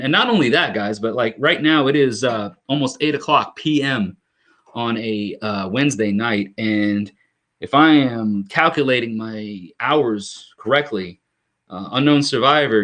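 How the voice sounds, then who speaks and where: A young man hosting a relaxed live stream, reading out viewer comments and greeting people one by one. His voice sits at an ordinary middle pitch, and his talk is loose and rambling, full of fillers and restarts. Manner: chatty, greets viewers by name, many fillers. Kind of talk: casual live stream chat.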